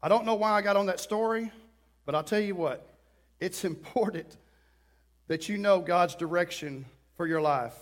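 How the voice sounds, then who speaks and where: A middle-aged man preaching a sermon, telling a story with lively, acted-out quotes and sudden outbursts. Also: high-pitched, moderate pace. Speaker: pastor.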